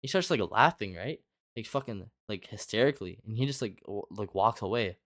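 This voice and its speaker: A young man telling a story in casual chat, rambling, swearing a lot and filling every pause with "like". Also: on the low side, animated, a bit bright, no echo, studio quality. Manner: rambling, heavy filler "like", lots of swearing.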